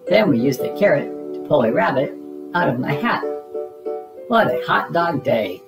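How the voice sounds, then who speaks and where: A reader narrating children's picture books aloud in a lively storybook manner. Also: mid-range voice, music in the background, low-quality recording. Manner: slow, lively storybook reading.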